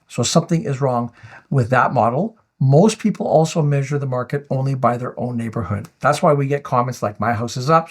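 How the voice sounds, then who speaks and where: A man hosting a finance video, answering viewer comments in a firm, explanatory way. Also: medium pitch. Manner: firm, rebuttal-style, reading out viewer comments.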